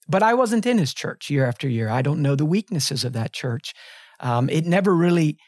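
A man's voice: a little high, dry recording, clean studio sound. A man in his fifties, a pastor, talking on a podcast in an earnest, reflective way with frequent restarts. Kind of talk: podcast conversation, telling a personal story. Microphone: close studio mic.

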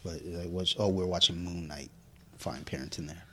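A man's voice: low voice, normal speed, a bit bright, a little hiss or hum. A man in his thirties in casual chat, profane and laughing as he tells stories, a little drunk.

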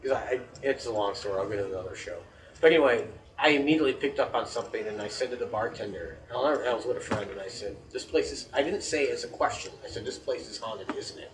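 A man's voice: medium pitch, fast talker. Man telling an earnest anecdote off-mic. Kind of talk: casual radio-style chat. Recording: distant from mic, faint noise.

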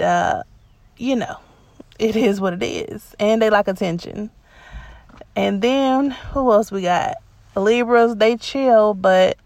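A woman hosting a casual podcast monologue, her voice gravelly with a lot of vocal fry. She talks straight to her listeners in a chatty, animated way and slips into quoted replies. The sound is dry and close. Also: mid-range voice, dry recording. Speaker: podcast host.

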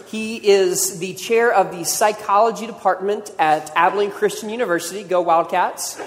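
A man's voice: high voice, moderate pace, long reverb tail. A man hosting a podcast and team-preaching a sermon on a church stage, joking and rambling with self-deprecating asides.

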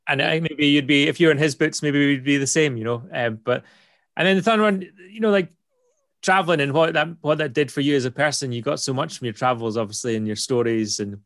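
A man's voice: a little high, brisk, a bit bright, no echo, studio quality. A British man hosting a casual chat, upbeat and persuasive, often checking in with "right?". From Britain. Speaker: host.

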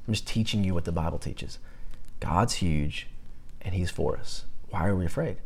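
A man teaching a Bible class in a conversational, animated way, talking back and forth with his students. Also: sits low, normal speed, creaky, slightly rough.

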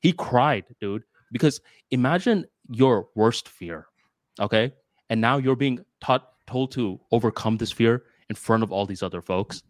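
A man's voice: mid-range voice, a little slow, no echo. Podcast co-host, male, casual storyteller, dry close mic. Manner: storytelling, animated retelling.

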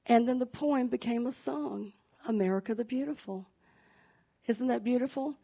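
A woman's voice: fairly high pitch, a little fast, creaky, warm tone. A woman pastor giving a sermon in an encouraging, conversational way.

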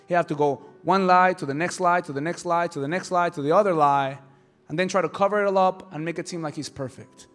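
A male pastor preaching a sermon with passion, swinging from hushed lines to shouts. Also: on the high side.

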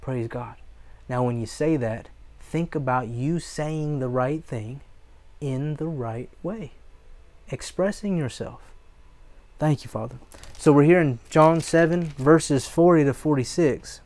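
A man's voice: a little high, slow, darkish tone. A man preaching a sermon, reading scripture aloud, exhorting his listeners and breaking into short prayers.

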